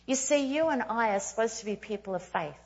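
Animated woman preaching a story. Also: fairly high pitch, muffled recording. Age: 30s. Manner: animated, self-mocking, quick asides. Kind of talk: storytelling sermon.

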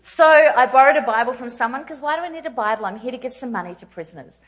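A woman in her thirties preaching a storytelling sermon, animated and self-mocking with quick asides. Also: high-pitched, muffled recording. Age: 30s.

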